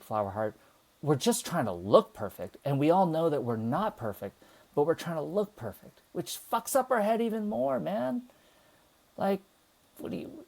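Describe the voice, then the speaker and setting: A man's voice: fairly high pitch, gravelly, a little mellow. A man hosting a livestream, talking casually and passionately to his chat, rambling and swearing. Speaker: livestream host.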